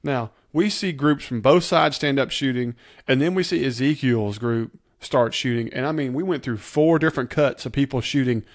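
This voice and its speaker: A man's voice: mid-range voice, normal speed, hardly any pauses. A man co-hosting a podcast, breaking down a TV episode in casual chat, emphatic and explaining his points step by step. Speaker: podcast co-host.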